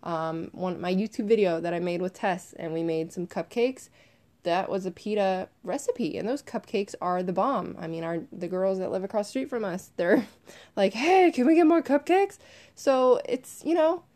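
A young woman hosting a casual solo podcast, talking to listeners in a chatty, animated way and swearing now and then. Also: fairly low pitch, normal speed. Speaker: podcast host.

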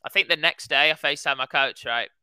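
In his twenties, this man co-hosts a podcast and animatedly spins a story in casual conversation, saying "like" constantly. His voice is fairly high, quick, clear, and resonant. The recording is dry but rough.

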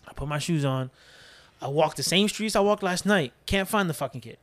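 A man with a somewhat high voice tells a story in casual podcast chat. He is animated and swears freely, and he slips into his friends' voices as he acts out what they said. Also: fairly quick. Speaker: podcast co-host.

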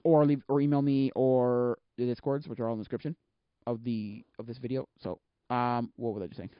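A man's voice: medium pitch, fairly even intonation, fairly quick, clean tone, dry recording, dull audio. A man hosting a solo podcast, chatting casually and rambling, often correcting himself and losing his thread. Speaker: podcast host.

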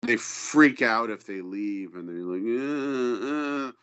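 A man's voice: lowish voice, a little slow, a bit bright, clean tone. A man co-hosting a casual podcast, telling a crude story in a rambling, profane way. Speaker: podcast co-host. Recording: dull lo-fi audio.

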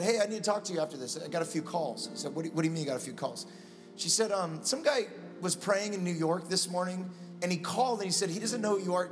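High-voiced man preaching over music. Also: big-room sound. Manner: storytelling, acting out dialogue with God. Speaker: pastor. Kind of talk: sermon. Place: church.

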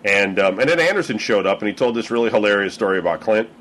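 A man's voice: on the low side, lively intonation, quick pace, fairly bright tone, slight background noise. A man on a podcast recounting a night out in a rambling, hesitant way. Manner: rambling, hesitant with many fillers. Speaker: podcast co-host. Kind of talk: casual chat.

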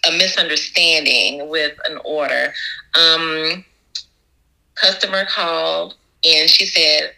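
Bright-voiced woman telling stories. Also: creaky, poor audio. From Augusta, Georgia. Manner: acts out dialogue with big pitch jumps, laughing. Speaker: guest, cupcake bakery owner. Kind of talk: animated storytelling.

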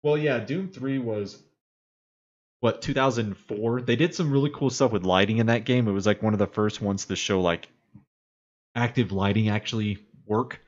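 A man with a lowish voice chats casually as a podcast co-host, rambling and playful. The sound is dull and lo-fi, and he keeps talking easily through any gap. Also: normal speed. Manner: rambling, playful, hums and vamps while alone. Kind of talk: casual chat.

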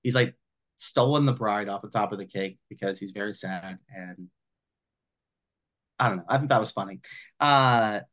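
A man co-hosting a podcast who talks a film over in casual chat, swearing freely and acting out the characters' lines in quick little voices. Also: on the low side, a bit bright. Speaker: podcast co-host.

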